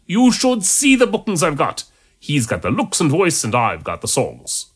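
A man's voice: fairly high pitch, huge pitch swings, normal speed, husky, pitched above the performer's own voice, full character voice. A man voicing a boastful, greedy male monk in an amateur audiobook reading, in a gleeful manner.

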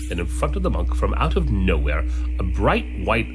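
A man narrating a story in an expressive reading voice. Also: on the low side, fairly quick. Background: background music.

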